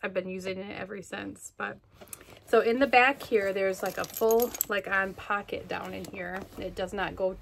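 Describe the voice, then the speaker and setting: A woman's voice: mid-range voice, fairly even intonation, moderate pace, vocal fry, a bit bright, slight background noise. A woman showing off her things in a casual, gushing vlog chat, full of fillers, recorded at home. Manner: chatty, gushing, many fillers. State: out of breath. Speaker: vlogger. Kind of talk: casual show-and-tell chat.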